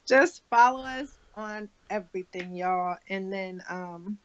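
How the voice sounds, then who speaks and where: A woman chatting casually as a show co-host, quick and playful in her delivery. Her voice sits at a middle pitch, and the recording sounds a little dull and lo-fi. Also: fairly bright tone, clean tone. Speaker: podcast co-host. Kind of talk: casual chat.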